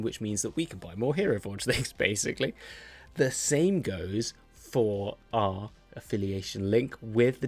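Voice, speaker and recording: A man's voice: fairly low pitch, a little mellow. A man, the host and dungeon master of a tabletop game show, talking in a rambling way full of "like" and "sort of". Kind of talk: casual game narration and outro chat.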